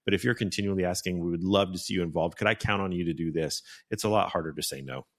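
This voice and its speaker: Brief: male podcast host, very low voice, earnest and advising. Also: quick pace, fairly bright tone. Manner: earnest, giving practical advice. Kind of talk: casual podcast conversation.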